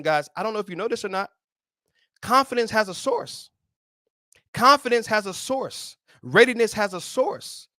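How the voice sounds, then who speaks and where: A man's voice: fairly high pitch, sharp tone, no echo, studio quality. A man hosting a faith podcast, giving an emphatic motivational talk with a repetitive preaching cadence. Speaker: podcast host.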